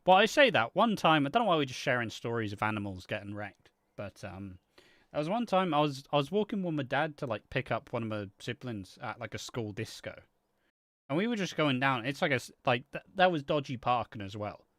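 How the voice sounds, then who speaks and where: Young british guy rambling and cursing, bouncy pitch, dry close sound. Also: sing-song, a little fast, fairly bright tone, dry recording. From Britain. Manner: rambling storyteller, swears a lot. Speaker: co-host of a soap opera channel. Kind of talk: live stream casual chat.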